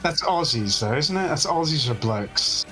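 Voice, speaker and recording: A man's voice: mid-range voice, expressive, normal speed, rough recording. Teasing man, laughing, music behind. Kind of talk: casual chat on a stream. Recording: music playing clearly under the voice.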